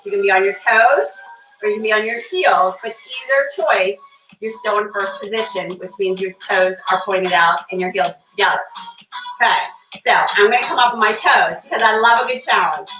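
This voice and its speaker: A woman's voice: medium pitch, normal speed. A female fitness instructor leading a barre workout class, cueing moves, counting reps and chatting with class members by name. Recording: echoey room, voice from far off, faint music.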